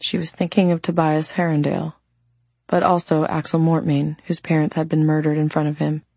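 In a calm, reflective audiobook reading, a woman narrates a novel from a script at a slightly fast pace. Her low, dark voice is gravelly with a husky edge, recorded dry and close with no echo.

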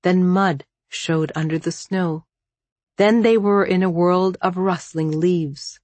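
A woman reading a novel aloud in scripted audiobook narration, slow and measured, with a lowish voice. Recorded close and dry, with no room sound. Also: fairly even intonation, a little mellow, no echo.

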